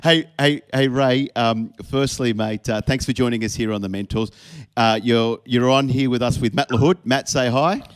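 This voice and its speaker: A man's voice: mid-range voice, moderate pace, hardly any pauses, clear, resonant tone, no echo. A man, hosting a podcast in an upbeat, joking casual chat. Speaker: podcast host.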